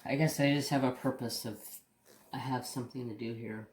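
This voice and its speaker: A man chats and tells stories while he crafts, rambling and candid, with a bit of swearing and plenty of restarts. His voice sits at a middling pitch. The room around him rings with a noticeable echo. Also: fairly even intonation, fairly quick, darkish tone, slight background noise. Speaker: crafting channel host. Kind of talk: casual storytelling chat while crafting. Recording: roomy echo.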